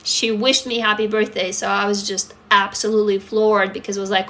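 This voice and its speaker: A woman's voice: mid-range voice, flat delivery, fairly quick, hardly any pauses, pushed and bright. A woman in her forties from Russia, talking candidly and emotionally to viewers on a phone livestream. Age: 40s. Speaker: livestream host. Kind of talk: casual livestream talk to viewers.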